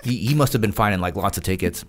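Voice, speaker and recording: A man's voice: lowish voice, fast, slight background noise. A man talking as a podcast guest, telling a story casually with frequent fillers and chuckles.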